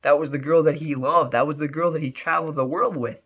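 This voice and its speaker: A man telling a story in an animated, emphatic way, often repeating words. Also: fairly high pitch, quick pace, dull audio. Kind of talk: spoken storytelling.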